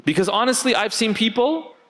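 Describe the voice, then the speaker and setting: A man speaks to a class in a casual, conversational tone. He keeps checking in with his listeners through rhetorical questions. His voice sits fairly high and swings widely in pitch. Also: brisk. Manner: animated, rhetorical questions to the audience. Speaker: teacher. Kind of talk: conversational religious class talk.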